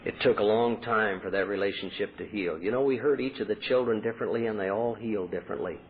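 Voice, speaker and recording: Heard on a tinny 1980s convention recording with slight background noise, a middle-aged Texan recounts his recovery from the podium. He speaks quickly in a lowish voice and earnestly acts out quoted dialogue.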